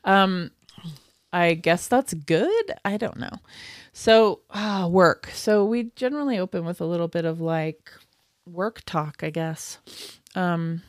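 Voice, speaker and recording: A woman's voice: on the low side, animated, slow pace, dry recording, studio quality. A woman co-hosting a casual chat podcast about psychology, talking loosely, laughing often and trailing off into restarts. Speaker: podcast co-host. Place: small room, recorded together.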